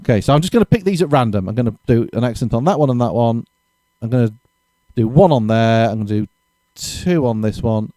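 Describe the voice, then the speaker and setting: A man's voice: mid-range voice, expressive, fairly quick, few pauses, dark tone, dry recording. A man giving a casual drum lesson, thinking aloud and correcting himself as he explains exercises. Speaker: drum teacher.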